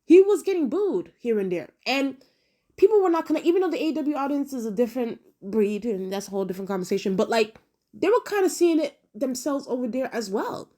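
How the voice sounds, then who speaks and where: Animated woman ranting casually. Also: sits high, brisk. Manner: animated, emphatic, repeats words for emphasis; conversational, addresses viewers directly. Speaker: wrestling commentary vlogger. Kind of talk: casual opinion rant to camera.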